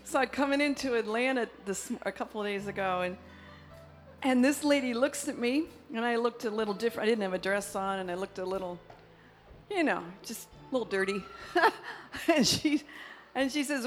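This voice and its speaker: A middle-aged woman preaching a charismatic sermon, breaking into laughter and shouts of praise between calmer stories. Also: on the high side, fairly quick.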